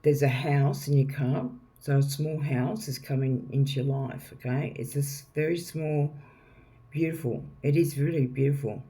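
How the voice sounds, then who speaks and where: A man's voice: mid-range voice, steady tone, moderate pace, warm tone. A man giving a casual, rambling tarot reading to viewers, repeating himself and often checking in with "okay?". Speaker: tarot reader.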